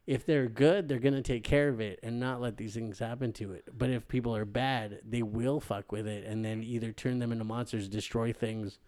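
A man co-hosts a casual movie podcast in a loose, easygoing way, laughing often and swearing casually. His voice is mellow and warm, at an ordinary middle pitch. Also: steady tone, normal speed, few pauses. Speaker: podcast co-host.

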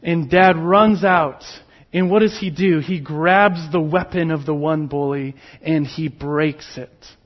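Slow, emphatic male preacher. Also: fairly high pitch, muffled recording. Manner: slow, emphatic preaching with dramatic drops to near whisper. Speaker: pastor. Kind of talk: sermon.

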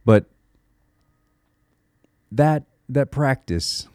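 A man's voice: medium pitch, lively intonation, extremely slow, warm tone, clean tone, no echo, clean studio sound. A man from Connecticut hosting a solo podcast, talking in an earnest, reflective and encouraging way, with small restarts as he thinks aloud. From Connecticut, USA. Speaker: podcast host.

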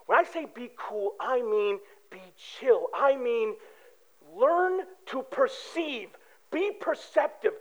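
High-voiced man preaching casually. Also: fairly bright tone, highs cut off. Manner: casual storytelling with asides to the congregation. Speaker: pastor. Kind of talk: conversational sermon.

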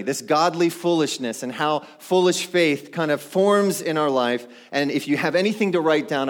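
A middle-aged male pastor preaching a sermon in a conversational way, often putting questions to the congregation. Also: on the high side.

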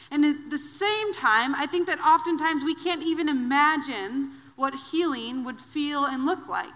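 A woman from Wisconsin, in her thirties, preaching a sermon as a guest preacher, telling personal stories in a conversational, animated way. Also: sits high. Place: church sanctuary. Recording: long hall reverb.

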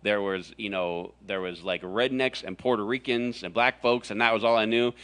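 A middle-aged man from Florida preaching a humorous sermon to a room, telling stories with animated, jokey delivery and sudden exaggerated voices. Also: on the low side, normal speed, smooth. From Florida, USA. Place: large room with audience.

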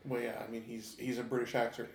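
Gravelly rambling man, echoey room. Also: medium pitch, little pitch movement, fast talker, a little hiss or hum. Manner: rambling, lots of fillers, chuckling. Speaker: podcast co-host. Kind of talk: casual chat.

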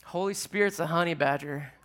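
A man's voice: fairly high pitch, brisk, a bit bright. A man preaching a sermon to a live audience in a conversational way, asking them questions as he teaches. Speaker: pastor.

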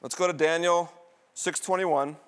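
Animated preacher man, slightly high voice. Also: a little slow, clean tone. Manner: call-and-response questions, dramatic swings in pitch and loudness. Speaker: pastor. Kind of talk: sermon.

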